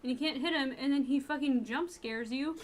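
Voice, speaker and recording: A woman's voice: sits high, brisk, slight background noise. A woman playing in a tabletop game, chatting casually in a blunt, foul-mouthed way. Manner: blunt, swears freely, storytelling. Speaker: player.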